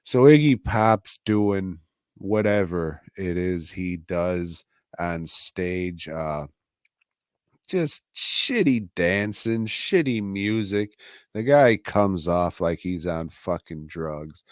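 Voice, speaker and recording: A man hosts a podcast from home, recapping a TV episode in a casual, profane, offhand way with a slow drawl. His low voice has lively intonation and a clean tone, recorded in a clean studio setting with no room sound.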